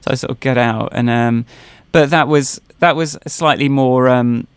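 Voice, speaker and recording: A man's voice: mid-range voice, moderate pace, clean tone, no room sound. A man co-hosting a podcast, telling personal stories in casual chat, rambling with many fillers and restarts. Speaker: podcast co-host.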